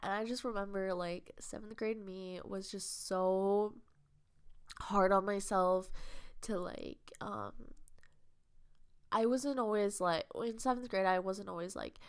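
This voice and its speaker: A woman's voice: medium pitch, fairly even intonation, slow, clean tone. A young woman vlogger talking in a casual podcast monologue, earnest and rambling, with a heartfelt, confessional way of speaking.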